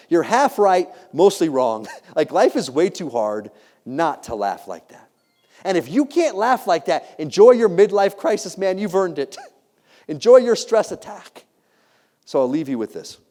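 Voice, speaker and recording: A middle-aged man giving a motivational keynote speech to a live audience, animated and jokey, often laughing at his own stories. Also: on the high side. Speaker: keynote speaker.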